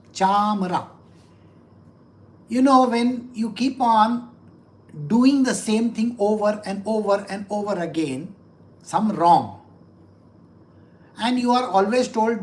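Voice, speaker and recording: A woman's voice: mid-range voice, a little mellow. A woman spiritual teacher explaining scripture to listeners, asking rhetorical questions, repeating phrases for emphasis and acting out small quoted exchanges. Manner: acts out little quoted exchanges.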